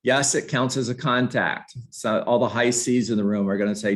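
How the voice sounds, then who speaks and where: A man's voice: medium pitch, measured pace, few pauses, fairly bright tone. A man coaching real estate agents in a live online class, talking energetically and conversationally and putting questions to his students. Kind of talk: live online training session.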